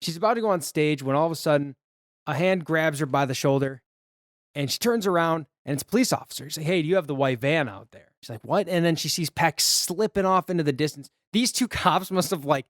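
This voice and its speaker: A man's voice: fairly high pitch, animated, brisk, fairly bright tone, no room sound, studio quality. A man co-hosting a podcast, casually retelling a film's scenes and acting out the characters' lines. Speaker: podcast co-host. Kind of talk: casual movie recap chat.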